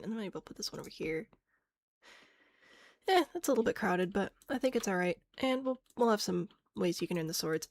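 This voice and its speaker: A woman's voice: medium pitch, gravelly. A woman streaming a game, chatting casually, thinking aloud and answering chat with self-mocking laughs. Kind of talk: casual live-stream chat while playing.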